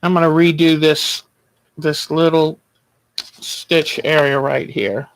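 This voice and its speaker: A man hosting a quilting livestream, chatting gently and reassuringly while he sews at home. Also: on the high side, steady tone, slow pace, poor audio. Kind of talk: casual chat while sewing.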